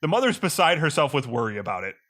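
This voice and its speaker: Podcast co-host, male, bright and forceful, playful segment leader. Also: a little high, big pitch swings, fast talker. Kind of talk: casual chat.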